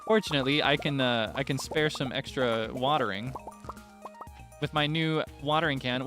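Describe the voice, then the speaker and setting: A young man casually chatting while streaming a farming game, playful and excitable with sudden squealing highs. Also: normal speed. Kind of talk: casual game livestream chat. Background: faint game music.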